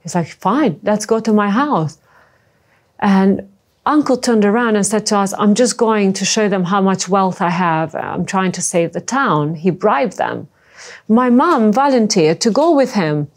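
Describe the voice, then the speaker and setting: Gravelly woman telling her survival story. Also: medium pitch, animated. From former Yugoslavia. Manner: emotional, halting storytelling. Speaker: interview guest. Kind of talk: personal testimony.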